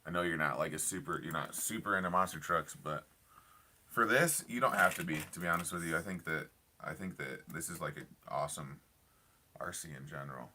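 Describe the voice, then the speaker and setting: Excited low-voiced young man live streaming. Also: a little fast, slight background noise. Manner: enthusiastic, rambling, lots of fillers and repeats. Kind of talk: casual live stream chat reading comments. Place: inside a parked car at night.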